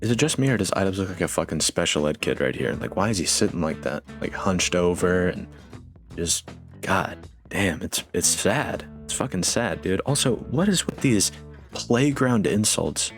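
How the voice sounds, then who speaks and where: A man's voice: deep voice, expressive, moderate pace, faint music behind. A man doing blunt, profane commentary on online drama, mocking the people he talks about. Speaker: commentary YouTuber.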